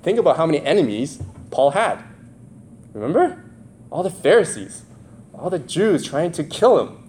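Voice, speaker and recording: A man's voice: on the high side, very animated, normal speed, darkish tone, slight background noise. A man with nasal congestion preaching a sermon in a conversational way, often checking in with his listeners. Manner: conversational, asks the audience questions. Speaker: pastor.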